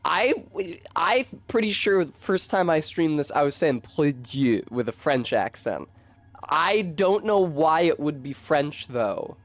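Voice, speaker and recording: A man's voice: fairly high pitch, sing-song, unhurried, fairly bright tone, no room sound. A young man streaming a game, chatting casually, swearing and correcting himself as he rambles. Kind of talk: casual gameplay commentary.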